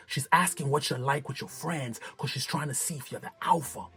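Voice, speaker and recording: A man hosting a reality TV recap in animated, slangy casual commentary, laughing often. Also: on the high side, a little fast, few pauses, breathy edge, soft background music.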